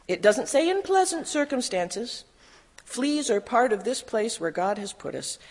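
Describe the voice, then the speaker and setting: Serene earnest church lady, done by the reader, soft but won't let it go, lots of hall echo. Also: medium pitch, sing-song, a little slow, pitched above the performer's own voice. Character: devout adult woman, serene and earnest. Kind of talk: reading a memoir aloud. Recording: long hall reverb.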